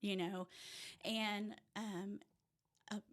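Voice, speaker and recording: A woman from rural Oklahoma with an Oklahoma accent, a podcast guest telling her personal story in casual chat, lively and sometimes dropping to a near-whisper. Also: medium pitch, extremely slow. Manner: animated storyteller who drops to a hush at tense moments. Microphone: audio-only podcast mic.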